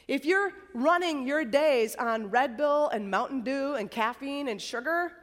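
A woman preaching a sermon at a college worship service in a conversational, chatty way, sometimes dropping to a soft whisper. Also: high voice, big-room sound. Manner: conversational, chatty, tag questions and "like"; drops to a soft whisper for emphasis. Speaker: campus preacher.

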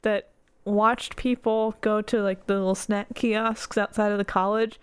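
A woman's voice: medium pitch, flat delivery, a little slow, clean tone, no room sound. A woman hosting a casual comedic podcast, retelling a folktale and laughing often. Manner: summarizing a story, laughs often.

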